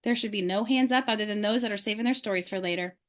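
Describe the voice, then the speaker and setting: Addressing her sales team on a video call, a woman with a medium-pitched voice delivers a passionate motivational speech packed with quick rhetorical questions.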